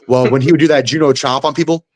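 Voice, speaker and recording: Profane, animated male fighter telling stories. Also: medium pitch, fast talker, dry recording. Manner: animated, profane, acts out blows with sound effects. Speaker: guest fighter. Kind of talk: casual storytelling.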